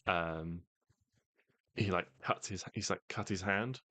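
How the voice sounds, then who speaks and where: A man narrating as game master of a tabletop game, halting and full of fillers. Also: deep voice, sharp tone, no room sound.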